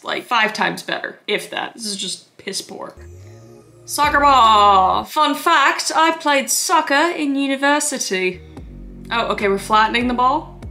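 A woman's voice: mid-range voice, vocal fry, sharp tone. A young woman hosting a comedy video, mocking what she watches with exasperated, swearing reaction commentary.

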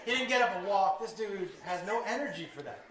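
Guy with a really high voice doing raunchy stand-up, heard from far off, echoey, crowd cracking up. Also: fairly quick. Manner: animated, profane, breaks into loud laughing bursts. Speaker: stand-up comedian. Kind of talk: stand-up storytelling. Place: comedy stage before a live audience. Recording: echoey room, distant mic, audience laughter.

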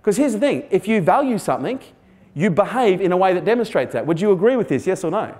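A man's voice: high-pitched, big pitch swings, quick pace, a little mellow. A man giving a motivational keynote, blunt and sweary, quizzing the audience. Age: 40s. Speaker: keynote speaker. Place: stage before a live audience.

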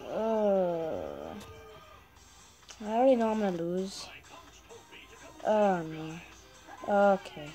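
A woman's voice: mid-range voice, very animated, drawn-out words, pauses often, warm tone, faint music behind, low-quality recording. A young woman giving casual running commentary on a video game, chatting to viewers and often apologizing to them. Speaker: gaming channel host.

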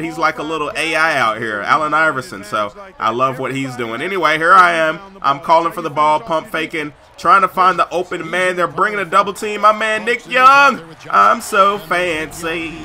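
A man giving excited gameplay commentary over a basketball video game and yelling on big plays. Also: fairly high pitch. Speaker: gaming YouTuber.

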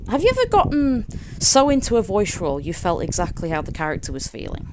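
Female interview host, expressive and curious, heard over a clearly noisy line. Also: medium pitch, quick pace. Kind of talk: interview questions. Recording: noisy, distant-sounding line.

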